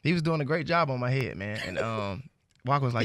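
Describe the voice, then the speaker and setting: A man's voice: medium pitch, expressive, a little fast, a bit bright, no room sound. A man telling a story on a morning radio show, laughing often as he talks. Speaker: comedian guest. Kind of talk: storytelling in casual chat. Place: radio studio.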